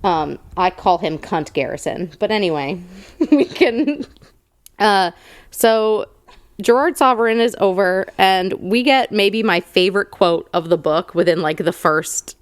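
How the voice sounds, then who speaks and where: A woman's voice: medium pitch, expressive, a little slow, no echo, studio quality. A woman co-hosting a casual book-club podcast, summarizing a novel with fillers and blunt crude jokes. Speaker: podcast co-host.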